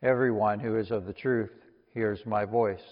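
A man reading Jesus, quiet and grave. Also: on the low side, fairly even intonation, moderate pace, lightly acted. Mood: solemn. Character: Jesus, calm man on trial. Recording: long reverb, dull lo-fi sound.

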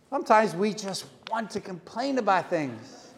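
Male pastor, slightly high voice, halting repeats, reverberant church room. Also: big pitch swings, gravelly. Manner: storytelling, repeats words when starting phrases. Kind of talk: sermon. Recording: echoey hall reverb.

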